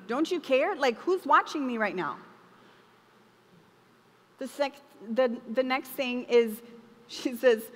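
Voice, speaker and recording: Young woman preacher, fairly high voice, chatty and animated, long church reverb. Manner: conversational, expressive, acts out quotes. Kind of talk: sermon. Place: church hall.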